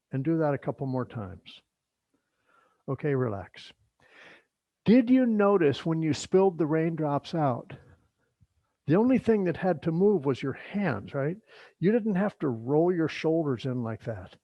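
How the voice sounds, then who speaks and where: Chatty male yoga teacher, fairly high voice. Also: a little slow, pauses often, no room sound, muffled recording. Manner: relaxed, chatty, joking asides. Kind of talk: workshop instruction.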